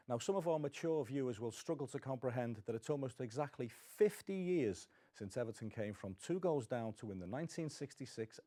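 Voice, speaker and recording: A man's voice: mid-range voice, mellow. A man presenting a club football show, reading scripted links and asking chatty questions. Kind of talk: presenting and interviewing.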